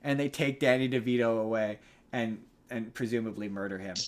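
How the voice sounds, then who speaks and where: A man's voice: mid-range voice, fairly even intonation, fairly quick. Rambling man recapping a movie. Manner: rambling, many restarts and fillers. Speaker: podcast host. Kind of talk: casual chat, recapping a movie.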